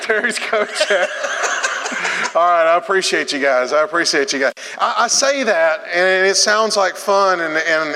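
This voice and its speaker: A man's voice: a little high, pushed and bright, big-room sound. A man preaching a sermon to his congregation, joking and coaching people through a demonstration in a church sanctuary. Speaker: pastor.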